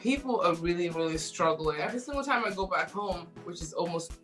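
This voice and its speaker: Playful, lower-voiced woman co-host. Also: expressive, fast talker, a bit bright, faint music behind. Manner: teasing, playful. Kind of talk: casual talk show chat.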